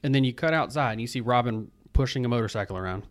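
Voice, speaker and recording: A man co-hosting a casual movie podcast, animated and acting out quotes as he talks. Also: mid-range voice, rapid-fire, no room sound. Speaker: podcast co-host. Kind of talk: casual chat.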